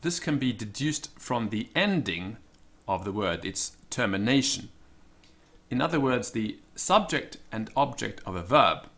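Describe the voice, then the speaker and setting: A man giving an informal spoken lesson, thinking aloud with many ums and slowing down to stress each example. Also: mid-range voice, very animated, a bit bright. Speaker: Latin teacher.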